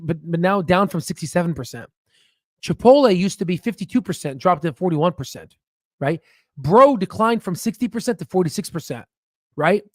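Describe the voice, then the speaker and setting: A man hosting a stock market livestream, talking in excited bursts, laughing often and checking in with "right?". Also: sits high, dry recording, clean studio sound. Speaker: stock market channel host. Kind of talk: excited casual livestream commentary.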